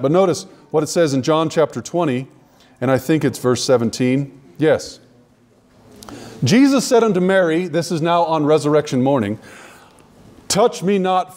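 Guy preaching to a crowd, kinda high voice, leans hard on key words. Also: a little mellow. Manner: emphatic, slows down to stress key words, addresses the audience directly. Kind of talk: sermon.

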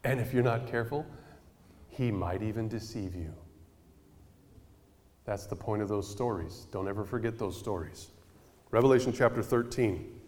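A man preaching a storytelling sermon in a conversational, animated way, often tossing questions to the congregation. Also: lowish voice, normal speed, long pauses, in a large hall.

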